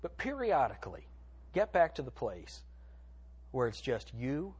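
A man preaching a sermon in a church, swinging between hushed, drawn-out phrases and loud emphatic lines. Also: medium pitch, big pitch swings, breathy edge. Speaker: pastor.

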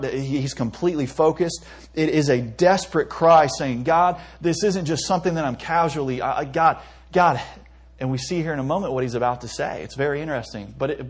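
Young male pastor, husky voice, casual sermon, stumbles and chuckles. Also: mid-range voice. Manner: conversational preaching with stumbles and self-amused laughs.

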